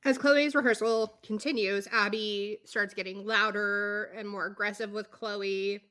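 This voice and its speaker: A woman's voice: medium pitch, fairly even intonation, a little slow, sharp tone, clear, resonant tone. A middle-aged woman co-hosting a casual podcast, telling the story animatedly with acted-out quotes. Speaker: podcast co-host.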